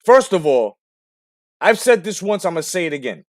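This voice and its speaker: A man hosting a boxing talk show, breaking down a clip with profane, animated commentary and rhetorical questions. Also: high-pitched, moderate pace, no room sound, studio quality.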